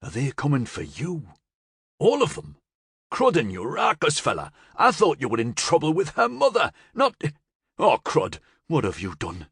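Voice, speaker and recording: A man voicing a flustered, jumpy buyer who talks in excited bursts. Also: fairly high pitch, measured pace, husky, no echo, clean studio sound, voice pushed up, exaggerated voice.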